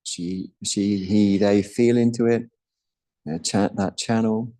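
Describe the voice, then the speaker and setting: A middle-aged man leads a yoga class in a calm, instructive voice. His voice sits fairly low and sounds mellow and warm. He explains each step of the practice at an unhurried pace. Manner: calm, instructive, with Sanskrit terms and soft asides. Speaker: yoga teacher. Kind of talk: guiding a live yoga class.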